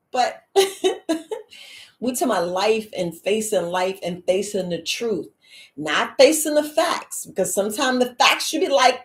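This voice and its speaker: A woman life coach chatting casually on a livestream to her viewers, animated and laughing, often acting out what people say. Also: on the high side, roomy sound. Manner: animated, laughing, acts out quoted voices.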